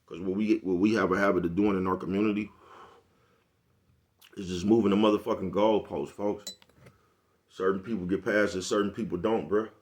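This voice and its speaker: Deep-voiced, fast-talking man ranting casually. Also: steady tone, a little mellow. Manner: repeats "you know what I'm talking about"; laid-back, profane street talk. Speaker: vlogger. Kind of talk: casual monologue to camera.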